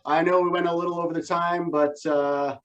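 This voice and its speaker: A man hosting a virtual comedy show, thanking the comics and wrapping up with a quick story. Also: on the high side, level tone, dull audio, slight background noise.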